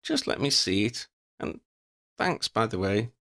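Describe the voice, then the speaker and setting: A man's voice: fairly low pitch, huge pitch swings, unhurried, vocal fry, bright, forceful tone, no room sound, studio quality, full character voice. A man voicing a clever young witch who grumbles and quibbles. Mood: grumbling.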